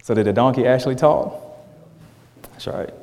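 Joking preacher in an echoey hall. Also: male voice, mid-range voice, normal speed, creaky, mellow. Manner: conversational, joking with the congregation. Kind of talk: sermon.

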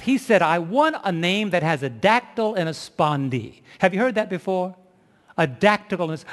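A man's voice: on the high side, long reverb tail. A man preaching a sermon, telling a story with emphasis and asking the audience questions.

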